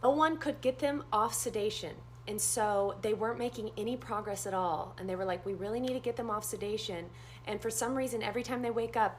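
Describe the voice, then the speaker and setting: A woman nurse telling a story in a casual first-person way, animated and acting out the dialogue. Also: a little hiss or hum. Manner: animated, acts out quoted dialogue with big pitch jumps.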